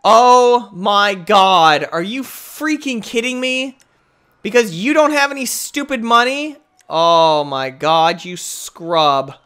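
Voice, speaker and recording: His voice smooth and sitting high, a young gaming channel host takes it slowly, though his live commentary is excitable. He swings from muttering to yelling, trash-talking the other players.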